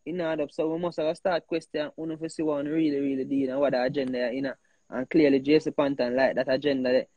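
A man with a Jamaican accent, hosting a heated casual talk, animated and emphatic, often repeating himself. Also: medium pitch, quick pace, dry recording, lo-fi sound. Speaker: host.

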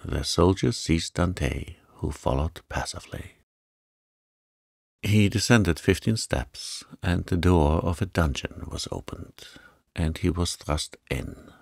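Slow, deep, soothing male narrator. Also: vocal fry, dry recording, studio quality. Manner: calm, soothing, unhurried. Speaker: audiobook narrator. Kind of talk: soft-spoken sleep-story reading.

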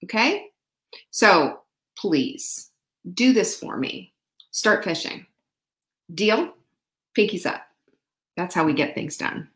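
A woman's voice: mid-range voice, animated, takes it slowly, long pauses, a bit bright, roomy sound. A middle-aged woman hosting a live online show, chatting with viewers in an upbeat, rambling way. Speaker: host. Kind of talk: live-stream chat with viewers.

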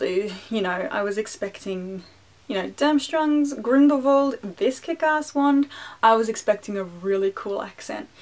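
A young Australian woman chatting casually through an unboxing video, rambling with apologetic, self-deprecating asides. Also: mid-range voice. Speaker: wand collector and vlogger.

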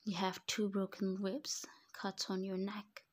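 A woman reading aloud, voicing a possessive young male mafia boss in a low, half-whispered murmur. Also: monotone, slow. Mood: tender.

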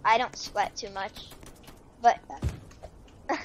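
A woman with a fairly high voice and an unhurried delivery gives live commentary over her gameplay. She is excitable, exclaiming and trash-talking throughout. Clear background noise sits under her voice. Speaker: gamer.

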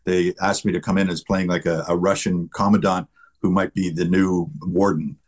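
Brief: middle-aged male guest actor, husky low voice, easygoing anecdotal chat. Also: little pitch movement, normal speed. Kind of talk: casual interview chat.

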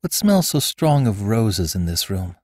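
A man's voice: on the low side, big pitch swings, measured pace, a little mellow, dry recording, studio quality. A man voicing an anxious, indignant older aunt in a storybook reading. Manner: pleading, indignant questions. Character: anxious older aunt, gray-haired woman.

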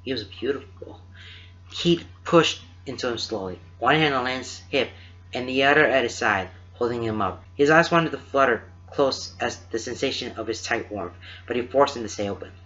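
A man reading a story aloud in a steady, unhurried narration. His voice is bright and forceful at an ordinary middle pitch. The recording is dull and lo-fi. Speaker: fan fiction reader.

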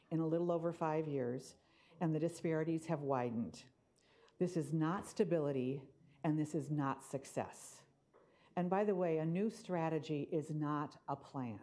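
A woman advocate giving a prepared public comment to a school board, firm and pointed, slowing down to stress key phrases. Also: sits low, dark tone. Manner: firm, pointed, deliberate emphasis.

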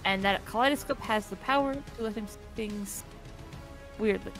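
A woman's voice: medium pitch, moderate pace, a bit bright, faint music behind. A woman co-hosting a gaming stream, reading out entries in a chatty, casual way. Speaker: stream co-host.

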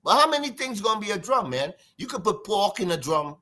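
A man with a Trinidadian accent, a guest drummer telling stories in an interview, lively and sing-song, imitating drum sounds. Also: high voice, a little fast. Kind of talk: animated storytelling interview.

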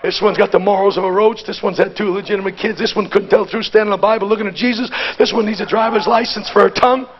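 A man preaching a Pentecostal sermon at a conference. He talks in a folksy, plain-spoken way and swings from hushed asides to shouted exhortation. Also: sits high, steady tone, fast, hardly any pauses, lo-fi sound, a little hiss or hum.

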